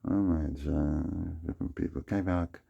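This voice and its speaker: A man with a very low, gravelly voice spins a rambling personal story. His tone is dark and heavily husky, and he keeps tagging lines with "you know" and "man". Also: fairly even intonation, measured pace, lo-fi sound. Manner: meandering, fills with "you know what I'm saying" and "man". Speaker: vlogger.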